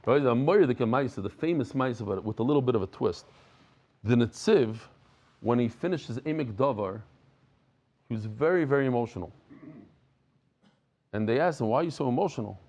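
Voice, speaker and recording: A man giving a lively Daf Yomi Talmud lesson, dropping Hebrew and Yiddish terms and repeating words as he pushes a point. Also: mid-range voice, normal speed, long pauses, lo-fi sound. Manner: repeats and restarts words, jokes with listeners.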